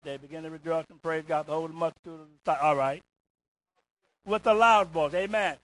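A man preaching a call-and-response sermon in church, rising to shouts on key words and asking "isn't that right?" again and again. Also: a little high, steady tone, brisk, dry recording, poor audio. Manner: rises to shouts on emphasis, repeats "isn't that right?".

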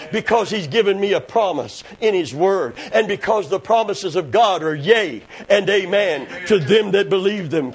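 A man preaching a sermon, dropping to quiet, intimate talk and rising to shouted praise. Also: high-pitched, poor audio.

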